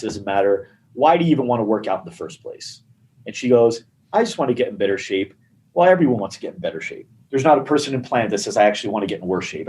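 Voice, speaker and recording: A man with an ordinary mid-range voice tells a story in a loose, animated way. He slips into the voices of the people in the story as he goes. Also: mid-range voice, rough recording. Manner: animated storyteller acting out dialogue. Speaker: gym marketing guest. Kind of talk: casual storytelling interview.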